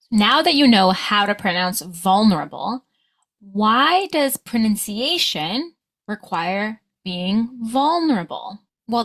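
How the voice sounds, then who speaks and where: Bright-voiced American woman coaching pronunciation. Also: mid-range voice. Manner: slow drawn-out modelling of sounds. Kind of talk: scripted pronunciation lesson to camera.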